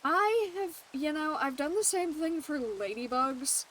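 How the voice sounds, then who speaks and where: A chatty young woman tells a story to her stream, laughing between the lines. Her voice sits a little high. Soft background hiss runs under it. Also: animated, unhurried. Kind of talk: casual storytelling while gaming.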